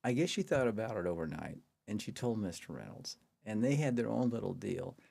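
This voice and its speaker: A man's voice: on the low side, big pitch swings, brisk, vocal fry, a little mellow, slightly rough. An older man, a podcast guest, telling a long anecdote in casual chat, chuckling as he goes and acting out other people's lines in a raised voice. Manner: chuckles through his anecdote; acts out quoted people in a raised voice. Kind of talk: casual storytelling.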